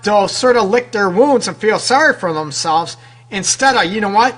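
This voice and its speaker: A man's voice: high voice, expressive, normal speed, a bit bright. A man hosting a radio advice show as a relationship counselor, talking directly to women listeners with lots of rhetorical questions. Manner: direct, conversational, keeps addressing women listeners; frequent rhetorical questions and tag "right?".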